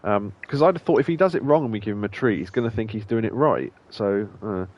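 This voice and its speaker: A man's voice: fairly low pitch, animated, fast, a little mellow, muffled recording, a little hiss or hum. A man chatting casually while playing a game, musing aloud and laughing often. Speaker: let's play streamer. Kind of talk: casual gameplay commentary.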